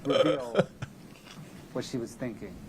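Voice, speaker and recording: A man giving a courtroom closing argument as prosecutor, speaking in a measured, methodical and emphatic way. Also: mid-range voice, a little mellow.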